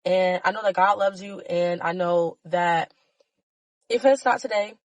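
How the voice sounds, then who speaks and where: A woman's voice: fairly low pitch, unhurried, no room sound. A woman hosting her own podcast, giving a passionate, blunt motivational talk to listeners and swearing freely. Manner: emotional, preachy urging of listeners. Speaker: podcast host. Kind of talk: motivational solo podcast monologue.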